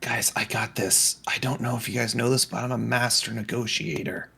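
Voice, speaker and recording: A man's voice: mid-range voice, level tone, normal speed, gravelly, bright, forceful tone, husky. A man playing a tabletop game, playful and hesitant, stumbling over words. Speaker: player.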